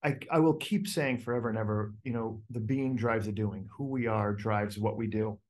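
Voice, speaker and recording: On a group coaching call, a man with a lowish voice speaks at normal speed. He teaches in a relaxed, animated way, full of fillers and do-overs, and plays out inner voices.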